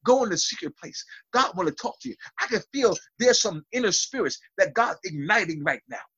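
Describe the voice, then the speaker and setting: A man's voice: sits high, animated, a little fast, fairly bright tone, husky, no room sound, highs cut off. A man preaching a fervent sermon over a video call, building to call-and-response. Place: small room.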